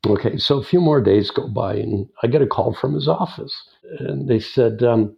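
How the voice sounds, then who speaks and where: Older man with a gravelly voice, storytelling. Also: mid-range voice. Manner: unhurried, chuckling raconteur. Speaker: guest filmmaker and editor. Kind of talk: anecdotal storytelling in an interview. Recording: dull lo-fi sound.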